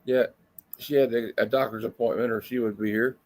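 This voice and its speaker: A man's voice: medium pitch, steady tone, a little fast. Rambling man hosting a movie chat. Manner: rambling, lots of fillers. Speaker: host. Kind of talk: casual movie review chat. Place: home room with lights. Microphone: video call.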